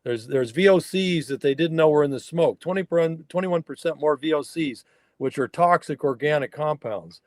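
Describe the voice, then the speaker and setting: This is a guest on an interview show, an older man from the mountains of Northern California who researches wild horses and fire. Folksy and emphatic, he spins conversational stories and performs the dialogue within them. His slightly high voice keeps a normal speed, with no echo and a clean studio sound.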